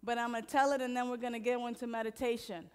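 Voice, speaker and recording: A woman minister giving a lively, playful sermon, talking straight to the congregation and moving into a softer guided meditation. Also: a little high, fast, smooth.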